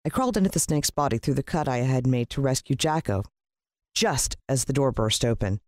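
A narrator reading a children's adventure story aloud in an expressive way, with the pitch leaping up in the dialogue. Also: a little fast, dry recording, studio quality.

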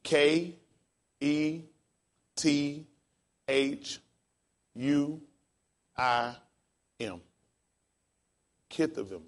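Slow-talking man teaching, spelling words aloud. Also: fairly high pitch. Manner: spells words out letter by letter, upbeat and encouraging. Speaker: pastor teaching a class. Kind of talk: casual classroom teaching.

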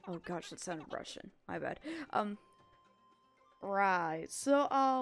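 A woman's voice: medium pitch, animated, takes it slowly, creaky. A woman commenting on a video game as she plays, reading the characters' lines aloud and laughing often. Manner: giggly, reads character lines in playful voices. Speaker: gaming channel host. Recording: faint game music behind.

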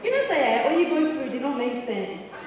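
A woman's voice: high-pitched, animated, normal speed, noisy background. A woman doing a chatty stand-up comedy set, teasing the crowd with lots of interjections, on a theatre stage through a hall PA. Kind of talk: stand-up set in Nigerian Pidgin. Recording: echoey theatre hall from a distance.

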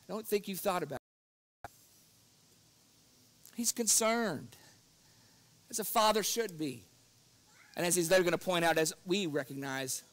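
A man preaching an evening church lesson, earnest, reading scripture with rising force and chuckling through personal stories. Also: fairly bright tone. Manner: earnest, rises in pitch and force when quoting scripture; breaks into chuckles while telling stories.

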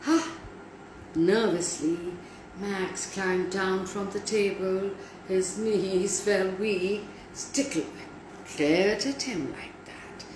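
A woman reading a story aloud for children in an animated way, speaking to her young listeners. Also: mid-range voice, slow. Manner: animated, talks to listeners directly. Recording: echoey room, faint background noise.

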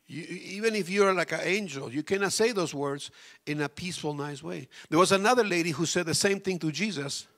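A pastor preaches a sermon in a high voice at normal speed. He swings from loud outbursts to soft near-whispers and questions his congregation directly.

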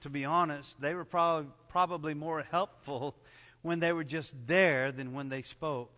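Earnest preacher man with echoing reverb. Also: steady tone. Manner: earnest, measured, drops to soft low tones for emphasis. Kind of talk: sermon. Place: church service at a camp.

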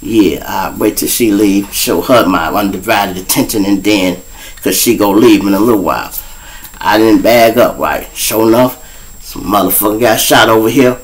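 A man's voice: fairly low pitch, normal speed, poor audio. A man with a Chicago accent, hosting his own show and telling profane street stories in a casual way, acting out the other people's voices. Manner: animated storyteller, acts out voices, profane. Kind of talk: casual storytelling.

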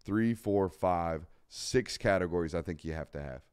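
A man hosts a live sports talk show in a fairly low voice. He talks bluntly and emphatically, and he often stacks repeated words to drive his points home. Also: moderate pace, darkish tone, clean tone. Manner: blunt, casual swearing. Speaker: podcast host.

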